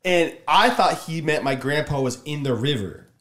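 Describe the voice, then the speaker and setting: A man telling a story in casual podcast chat, acting out shouted lines with energy. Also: fairly high pitch, moderate pace. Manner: animated, loud when acting out shouted lines.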